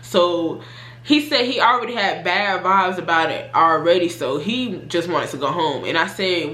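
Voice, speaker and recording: Chatty young woman with a bright voice. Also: moderate pace, echoey room. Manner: animated retelling, voices her own past reactions with rising pitch. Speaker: storytime vlogger. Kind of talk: casual storytelling.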